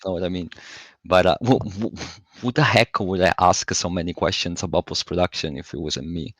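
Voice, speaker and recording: A man with a slightly low voice asks his last question and chats with a friend in a warm, affectionate way. He sounds close and dry. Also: steady tone, brisk, no room sound. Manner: warm, affectionate, laughs a lot. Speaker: interviewer asking questions. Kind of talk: casual chat.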